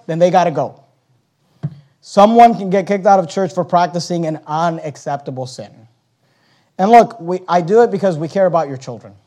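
High-voiced man preaching a forceful sermon. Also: fairly quick. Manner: forceful preaching with repetition, chuckles at himself. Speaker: pastor. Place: church.

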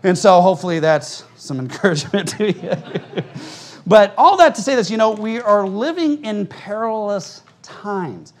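A male pastor delivering a fiery conference sermon to a live audience, telling stories fast and acting out the people he quotes. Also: high voice, animated. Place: church conference hall with audience.

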